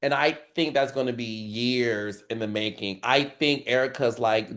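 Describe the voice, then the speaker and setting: A man hosting a casual reality-TV recap chat, animated and dramatic, acting out quoted lines in squealing voices. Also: medium pitch, a little slow. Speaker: podcast host.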